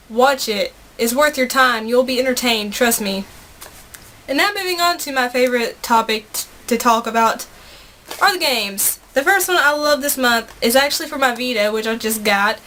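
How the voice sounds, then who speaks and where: A woman's voice: a little high, fairly bright tone, slight background noise. A young woman with a Southern US accent, gushing through her monthly favorites in a chatty vlog, correcting herself as she goes. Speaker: vlogger.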